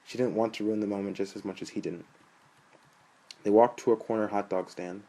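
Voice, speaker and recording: A man reads a novel aloud in a steady, storytelling manner. His voice sits low and calm throughout the narration. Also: fairly quick, pauses often, poor audio. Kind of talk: audiobook narration.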